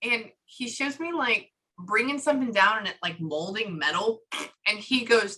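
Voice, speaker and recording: A woman giving a psychic reading, relaying a spirit's words in chatty, lively bursts. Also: fairly high pitch, moderate pace, rough recording. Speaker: psychic medium.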